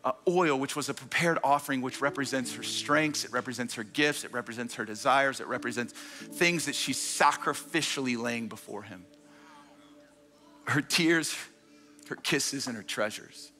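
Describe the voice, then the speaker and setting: A man preaching a sermon in a church, telling stories with energy and quick repeated restarts. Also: medium pitch, sharp tone, faint music behind. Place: church stage before a congregation.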